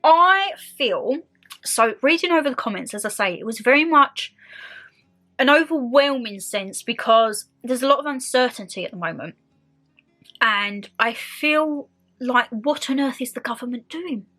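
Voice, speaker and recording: A bright, fairly high-voiced young British woman talks straight to her viewers in a relaxed sit-down vlog. She is outspoken and expressive, with faint music behind her. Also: a little slow. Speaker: vlogger. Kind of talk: casual sit-down chat.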